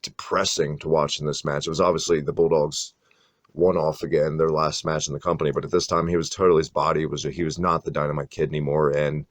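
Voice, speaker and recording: A man's voice: rumbling low, level tone, fast, no echo, studio quality. A man co-hosting a podcast, chatting casually and animatedly about an old wrestling event, swearing freely and rattling off long lists of names. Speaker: podcast co-host. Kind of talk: casual wrestling review chat.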